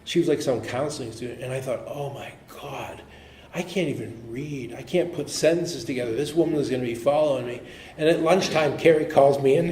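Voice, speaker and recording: A man's voice: medium pitch, slight background noise. Earnest man telling his story in an echoey hall. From Pittsburgh area. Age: middle-aged. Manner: earnest and animated, quick to laugh, trailing off to a murmur. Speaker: AA speaker. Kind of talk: personal recovery story told to a meeting. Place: meeting hall.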